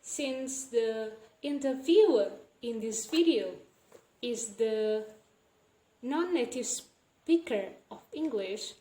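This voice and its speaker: A young woman presenting as a student, explaining slowly and repeating each phrase with care. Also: a little high, expressive, mellow. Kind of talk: slow classroom explanation. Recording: echoey room with faint ambient noise.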